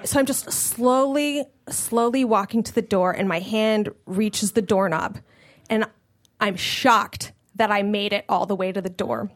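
A woman comedian telling a comic story at a live show, animated and laughing as she goes. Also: medium pitch, a little slow. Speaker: guest comedian.

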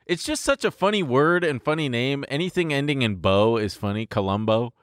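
A man's voice: mid-range voice, expressive, fairly quick, clear, resonant tone, no echo, clean studio sound. A man co-hosting a podcast in loose, profane, joking banter. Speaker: podcast co-host. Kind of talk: casual chat.

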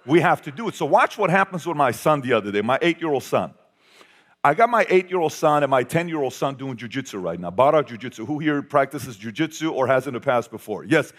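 A man giving a motivational talk to an audience, telling a family story with animated swings from loud to hushed. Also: medium pitch, brisk. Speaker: speaker.

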